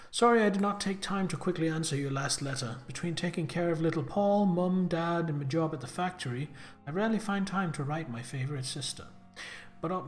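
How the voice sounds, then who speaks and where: A man's voice: fairly high pitch, natural voice. A man reading a letter aloud as a chatty, crude working-class young sister, in an attempted Birmingham accent.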